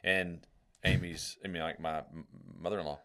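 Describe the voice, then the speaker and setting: A deep-voiced man co-hosting a podcast in casual chat. He is easygoing and agreeable and lets a story stretch out. His low voice stays easy. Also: steady tone, moderate pace, fairly bright tone.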